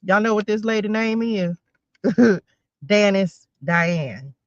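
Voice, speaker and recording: This tarot reader, a talkative woman in her forties, has a medium-pitched, expressive voice and takes her time speaking. Her casual spiritual reading is full of rambling personal asides aimed straight at her audience, captured in a dry, slightly muffled recording without echo or room sound.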